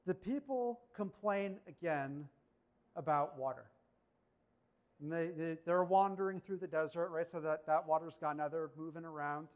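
A man with a high voice delivering a sermon. He talks in a conversational, animated way and keeps turning to the listeners with rhetorical questions. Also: normal speed, muffled recording. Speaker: preacher.

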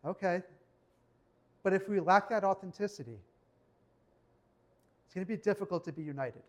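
A male pastor giving a conversational sermon in church, slowing down to read scripture. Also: high voice. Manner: conversational preaching, reads scripture slowly.

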